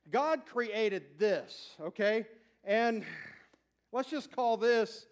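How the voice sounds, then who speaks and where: A male pastor preaching a sermon, emphatic and building in intensity, with chatty asides to his congregation. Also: high voice. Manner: emphatic, rising to near-shouts on key points. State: out of breath.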